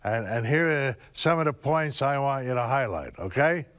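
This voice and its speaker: A man giving someone an assignment, retelling a story in a deliberate, plain-spoken way. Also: medium pitch, expressive, a bit bright. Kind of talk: casual instruction, retelling a story.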